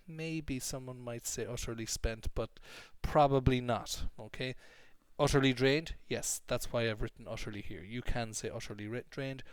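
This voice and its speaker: A man's voice: mid-range voice, smooth, no room sound. A man with an English accent teaches vocabulary, stressing words firmly and repeating examples for learners. His voice sits in a middle register and is recorded close to the mic with a dry, roomless sound. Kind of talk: explanatory online lesson.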